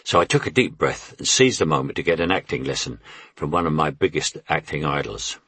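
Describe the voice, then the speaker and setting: An older man reads his memoir in a deep, husky voice, wry and anecdotal. The sound is dry and close, with no room around it. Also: expressive, a little fast, sharp tone, no echo. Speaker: memoir narrator. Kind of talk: memoir audiobook narration.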